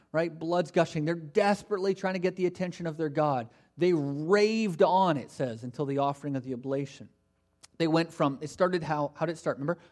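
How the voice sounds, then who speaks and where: A man's voice: high-pitched, a little mellow. A male pastor preaching a sermon, reading scripture and mocking the false prophets with humorous asides.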